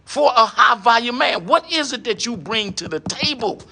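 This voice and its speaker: Bright-voiced man lecturing with rhetorical questions. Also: very high voice, expressive, normal speed, breathy edge. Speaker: online commentator addressing women. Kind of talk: preachy monologue.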